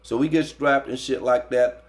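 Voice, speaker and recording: An interview guest with a mid-range male voice at normal speed tells a story in casual, slangy, profane language, frequently tacking on "you know what I'm saying." He gets animated when describing the fight.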